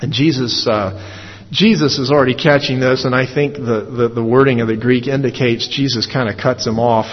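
A man giving a verse-by-verse Bible teaching, in a measured, thoughtful way with many filler "uh"s. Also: medium pitch, steady tone. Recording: dull audio with long hall reverb.

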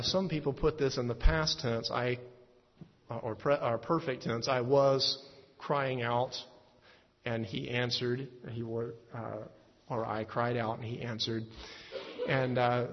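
A man teaching a Bible passage in a halting way, with many fillers and restarts. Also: mid-range voice. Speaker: preacher. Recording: dull lo-fi recording in a reverberant hall.

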